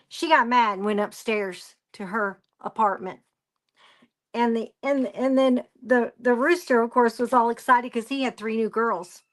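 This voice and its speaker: A woman's voice: a little high, fairly bright tone. A woman presenting a craft live stream, rambling through a story and greeting viewers by name as she works. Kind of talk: casual chat while crafting.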